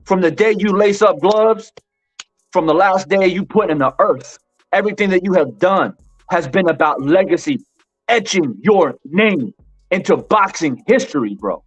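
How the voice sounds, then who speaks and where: A man's voice: sits high, lively intonation, moderate pace. A man hosting a live-stream boxing commentary show, talking emphatically to his chat, repeating his points and saying "bro" a lot. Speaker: boxing commentary channel host. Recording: dull lo-fi with faint music.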